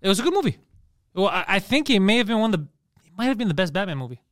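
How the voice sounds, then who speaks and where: A man co-hosting a casual podcast, telling animated stories in a high, quick voice. He acts out quotes and laughs through his own tales. The sound is close and dry. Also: no echo. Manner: animated storytelling with acted-out quotes. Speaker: podcast co-host.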